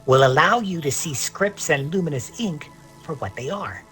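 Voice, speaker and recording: Picture an eager, fussy male scholar from a fantasy game, put on by a woman in a low, hushed voice that drops to a near-whisper and stretches out its words. His pitch swings around with bookish enthusiasm, and faint music plays behind him. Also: animated, moderate pace. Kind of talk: reading game text aloud in a put-on voice.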